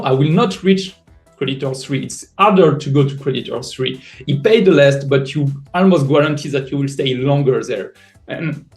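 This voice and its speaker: A man with a French accent explaining a project in a live audio chat, halting with many fillers and restarts. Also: on the high side, a little mellow. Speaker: NFT project creator.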